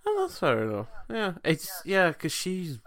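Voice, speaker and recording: A man's voice: sits high, wildly swooping pitch, a little slow, fairly bright tone. A man co-hosting a casual podcast chat, rambling through his points with many restarts. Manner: rambling, restarts a lot, laughs along. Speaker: podcast co-host.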